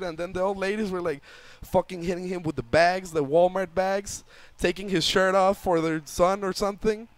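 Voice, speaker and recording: A young man, a tournament player, telling an animated story to a chat audience and acting out the voices in it. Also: high voice. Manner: lively, acts out voices in the story. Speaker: interview guest, tournament player.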